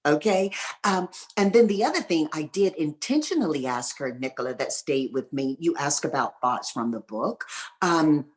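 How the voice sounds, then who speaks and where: Low-voiced Southern woman telling stories. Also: lively intonation. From North Carolina, USA. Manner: emphatic, folksy, motivational, repeats key lines slowly. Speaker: guest entrepreneur. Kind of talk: fireside chat storytelling.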